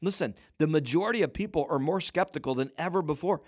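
A man's voice: fairly high pitch, fast talker, no room sound. Emphatic male motivational coach, dry sound. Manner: emphatic, repeats "listen", rising to near-shouting peaks. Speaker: leadership coach. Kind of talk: motivational talk.

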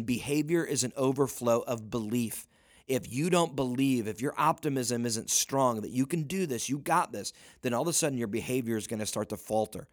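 A leadership coach delivers a motivational talk in a medium-pitched male voice, recorded dry. He's emphatic, keeps repeating "listen," and climbs to near-shouting peaks.

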